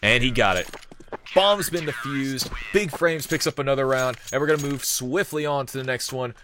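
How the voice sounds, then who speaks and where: A man giving live play-by-play esports commentary, energetic, joking and off-the-cuff. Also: mid-range voice, moderate pace, slight background noise.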